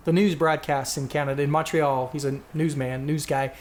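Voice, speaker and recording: A man's voice: on the high side, steady tone, fairly quick, a little mellow. A man co-hosting a podcast, chatting casually and reading out listener answers, rambling and correcting himself as he goes. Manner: rambling, self-correcting, reads quotes aloud. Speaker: podcast co-host.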